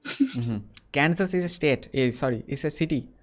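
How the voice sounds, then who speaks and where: A young Indian man whose first language isn't English chats casually with strangers on a video chat site, his Indian-accented voice fairly high and moderately paced. He's friendly and often murmurs mm-hmm.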